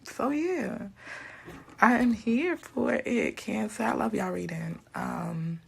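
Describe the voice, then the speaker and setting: A woman's voice: fairly high pitch, very animated, takes it slowly, creaky, background noise. A young adult woman giving a casual collective tarot reading to her viewers, chatty and blunt, swearing freely and laughing often. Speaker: tarot reader.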